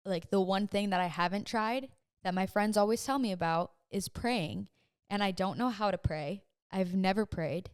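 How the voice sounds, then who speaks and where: A young woman with a smooth, clear voice tells a personal story on her podcast, recorded dry and close to the mic. She talks in an earnest, emotional, chatty way, with plenty of "like" in her speech. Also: mid-range voice, normal speed, no echo. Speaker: podcast host.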